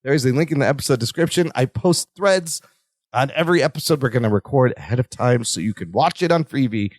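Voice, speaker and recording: A man's voice: medium pitch, expressive, fast talker, dry recording, clean studio sound. A man co-hosting a podcast, chatting casually as he recaps a sitcom episode, laughing often and jumping into his partner's sentences. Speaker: podcast co-host.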